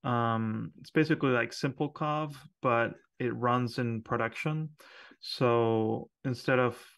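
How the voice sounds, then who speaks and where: A man co-hosting a podcast, talking shop in a relaxed, chatty way with lots of fillers and quick laughs. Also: mid-range voice. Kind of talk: casual technical chat.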